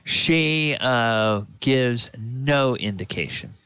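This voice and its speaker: A man narrating a tabletop game as dungeon master, hesitant with many pauses. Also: mid-range voice, lively intonation, a bit bright, clear, resonant tone, no room sound, dull audio. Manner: hesitant, full of fillers and restarts.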